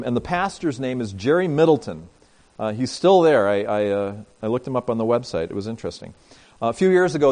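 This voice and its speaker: Speaking in a mid-range voice, a pastor tells a story during his sermon and addresses the congregation directly, alternating emphatic statements with quiet asides.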